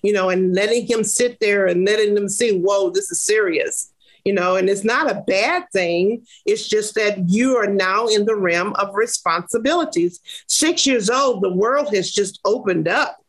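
A woman's voice: medium pitch, normal speed, hardly any pauses. A woman giving plain-spoken parenting advice in a casual chat, emphatic and direct, often acting out what to say. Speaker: parenting advisor.

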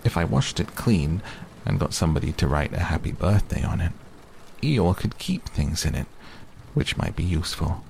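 A man voicing a gentle, simple male teddy bear who speaks slowly and earnestly. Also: sits low, very animated, gravelly, slight background noise, heavily acted.

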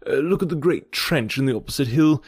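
A man's voice: on the high side, animated, brisk, darkish tone, slightly rough, dry recording, clean studio sound. A man voicing an adult male naturalist in an audiobook, talking in an easy, unconcerned way. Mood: chatty. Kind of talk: audiobook character voice.

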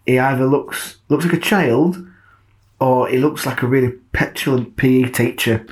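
A man co-hosting a casual football podcast, joking and rambling, with his voice jumping up and down in pitch. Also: moderate pace. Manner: jokey and rambling, with big pitch swings. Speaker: podcast co-host.

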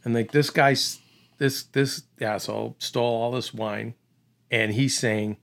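A middle-aged Boston-area man tells an animated story in casual conversation, doing voices and often restarting his sentences. His voice is fairly low with vocal fry, and he speaks unhurriedly.

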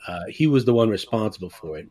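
A man's voice: on the low side, lively intonation, fast talker, a little mellow. A man guest in a casual podcast, recounting events steadily with "uh" fillers.

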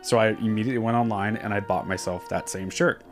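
A man's voice: lowish voice, fairly even intonation, fast talker, soft background music. A man hosting a casual podcast chat, talking in a loose, chatty way with rambling asides. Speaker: podcast host.

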